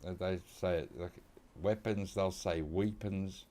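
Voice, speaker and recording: Aussie bloke with a real low voice, chatting and wandering off topic while he plays. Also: a little slow, a little mellow. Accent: Australian. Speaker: gaming channel host. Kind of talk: casual gameplay commentary.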